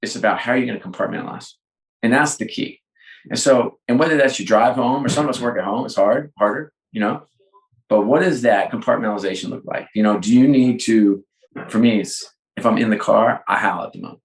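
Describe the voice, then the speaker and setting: A middle-aged man talks through an interview over a call and lively acts out the dialogue in his stories. His voice sits at an ordinary pitch. The room around him gives the sound a noticeable echo. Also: fairly quick. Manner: animated storyteller, acts out dialogue. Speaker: sports executive guest. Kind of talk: conversational interview. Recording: roomy echo.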